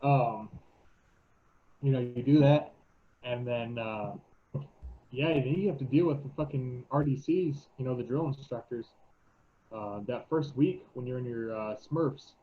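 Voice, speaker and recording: Laid-back man on a tinny line. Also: mid-range voice. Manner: laid-back, halting, many fillers, swears casually. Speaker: podcast co-host, navy veteran. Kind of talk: casual chat.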